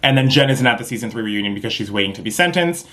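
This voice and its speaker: A young man hosts in quick, chatty bursts, sarcastic and freely profane. His pitch sits in the middle of the range, and he races through his lines. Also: lively intonation, a bit bright. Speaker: commentator. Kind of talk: casual commentary.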